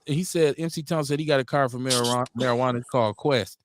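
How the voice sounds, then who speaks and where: A man with a Milwaukee accent hosting a casual radio talk show, animated and profane, often acting out quotes in mock voices. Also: medium pitch, quick pace, slight background noise. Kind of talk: casual call-in radio chat.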